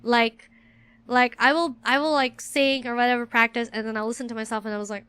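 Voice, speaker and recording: A woman's voice: on the high side, quick pace, bright, forceful tone, clean tone. A young adult woman chatting on a casual stream, rambling and self-deprecating with lots of fillers. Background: faint music.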